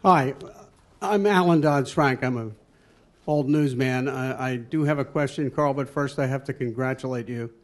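A man's voice: mid-range voice, normal speed. A man in his sixties in the audience, politely complimenting the speaker before asking a rambling question. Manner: courteous, complimentary, rambling lead-in. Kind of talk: question from the floor at a panel.

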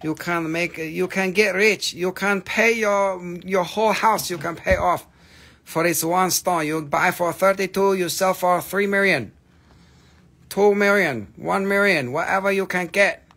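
A slightly high, gravelly male voice. He runs a live-stream gem sale in jokey, excitable patter and teases his viewers. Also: measured pace.

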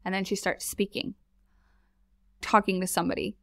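A woman telling a personal story as a podcast guest, chatty and animated and laughing often. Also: medium pitch, normal speed, vocal fry, dry recording, studio quality. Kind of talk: casual storytelling.

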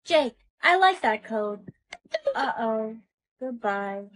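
A curious young female robot, played by a woman, who asks polite, literal questions in a high, bright voice. She stays earnest and inquisitive throughout a short online POV skit. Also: lively intonation, takes it slowly, no room sound. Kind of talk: TikTok POV skit acting.

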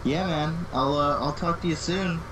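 A man's voice: a little high, moderate pace, a bit bright, a little hiss or hum, low-quality recording. A man calling in to a stream, chatting casually and laid-back with lots of fillers. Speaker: caller. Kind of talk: casual phone-in chat.

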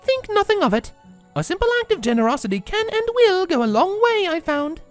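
A man's voice: very high-pitched, sing-song, brisk, faint music behind, voice pushed up. A man voicing a refined, fussy unicorn mare who speaks in a prim, theatrical manner.

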